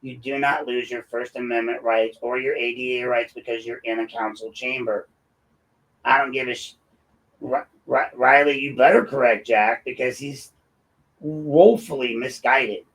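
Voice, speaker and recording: A man's voice: medium pitch, level tone, normal speed, a bit bright, low-quality recording. A man hosting his own show, ranting in a combative and mocking commentary. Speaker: host and local activist.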